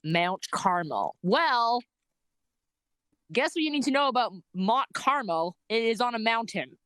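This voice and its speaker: A young woman casually telling a story about her bike trip, animated, laughing often and filling her talk with "like". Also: on the high side, unhurried, smooth, no echo.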